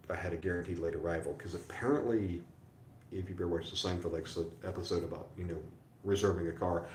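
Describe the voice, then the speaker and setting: A man's voice: low voice, a little mellow, reverberant, slight background noise. A tired, sore middle-aged man chatting casually on a livestream from a hotel room, rambling and self-deprecating with lots of fillers. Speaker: livestream host. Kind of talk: casual rambling live chat.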